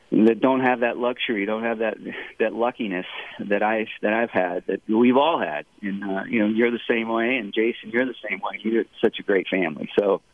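A golfer in his fifties from Rhode Island, with a Rhode Island accent softened by a Southern lilt, talks in a rambling, halting way with laughs. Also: fairly low pitch, no room sound. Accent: Rhode Island mixed with Southern US. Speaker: pro golfer guest. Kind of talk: casual interview on a phone line. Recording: tinny phone line, dry.

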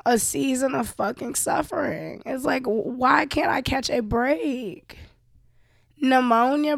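A young woman hosting a show is sick with a cough and vents candidly and profanely to her listeners in a casual monologue. Her voice is on the high side and gravelly, recorded in studio quality with no echo.

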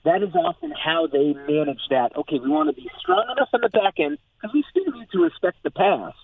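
A man reporting on football as a phone-in guest, talking in an animated, excited way with lots of "like". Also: sits high, a little fast, creaky, husky. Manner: animated, filler-heavy, excited. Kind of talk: phone-in sports analysis. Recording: tinny phone line.

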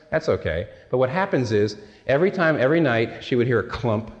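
A man's voice: medium pitch, animated, fairly quick, hardly any pauses. A male pastor preaching a sermon in a conversational, storytelling way, with self-deprecating asides. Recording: long hall reverb.

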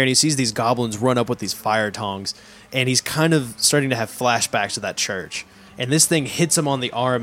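A man's voice: mid-range voice, fairly bright tone, slight background noise. Man narrating his character's actions. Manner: storytelling his character in third person. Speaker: player. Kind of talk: casual tabletop play.

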